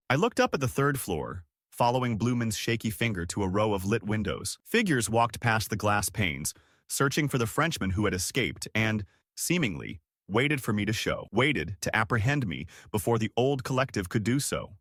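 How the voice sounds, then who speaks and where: A young man narrating a horror story in a dramatic, expressive way. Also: lowish voice, moderate pace, dry recording, studio quality. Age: young adult.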